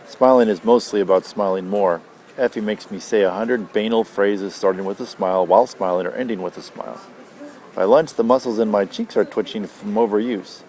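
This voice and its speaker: A father reading a novel aloud to his child, gentle and unhurried. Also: fairly low pitch, a little hiss or hum. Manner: gentle, unhurried, tender asides.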